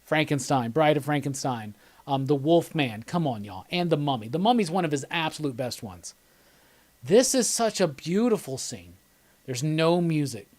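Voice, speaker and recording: A man's voice: on the high side, sing-song, moderate pace, a little mellow. A man hosting a live commentary, talking casually and enthusiastically, rambling and laughing as he chats with viewers. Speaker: host of live movie commentary.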